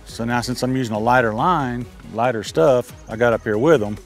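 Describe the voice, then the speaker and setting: In a mid-range voice that runs a little fast, an older man shares fishing tips from a boat on a lake. He's folksy and easygoing, laying things out step by step as casual outdoor teaching, with faint music in the background.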